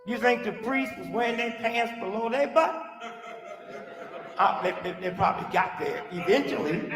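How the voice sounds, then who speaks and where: A man in his sixties performing a stand-up comedy monologue, animated and preachy, baiting the crowd with rhetorical asides. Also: sits high, normal speed. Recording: live hall recording, reverberant, music behind.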